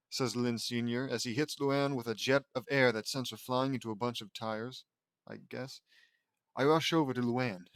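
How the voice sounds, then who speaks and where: A man's voice: medium pitch, moderate pace, clean tone, no echo. A man narrating a fan-fiction audiobook in a casual reading style, with offhand asides.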